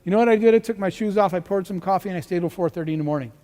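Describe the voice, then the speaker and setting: High-voiced man telling a motivational story. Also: very fast. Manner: storytelling, animated, acts out dialogue. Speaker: keynote speaker. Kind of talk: motivational speech. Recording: hall reverb.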